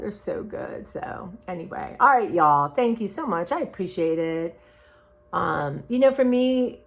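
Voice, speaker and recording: A woman talking candidly in a personal vlog, rambling and heartfelt in a confiding way. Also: on the low side. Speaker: vlogger.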